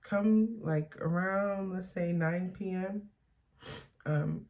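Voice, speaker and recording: A young woman talking openly and haltingly in a confessional personal vlog. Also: fairly low pitch, darkish tone. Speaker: vlogger.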